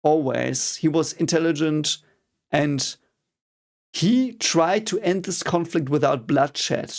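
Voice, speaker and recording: A young German man hosting a reaction video comments casually on an anime episode in a German accent. His voice sits on the high side and he takes his time. He's clearly frustrated, swearing freely and erupting in mock-cheering outbursts.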